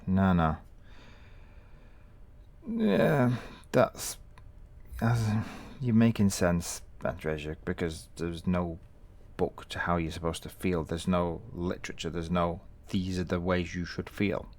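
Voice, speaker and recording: A man playing through a video game, talking back to its characters in a gentle, reassuring, rambling way. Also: sits low, takes it slowly. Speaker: let's play gamer.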